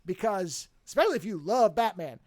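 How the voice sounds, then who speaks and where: Lively, animated podcast co-host. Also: medium pitch, brisk, dry recording. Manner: animated, rambling, frequent restarts. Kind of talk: casual podcast chat.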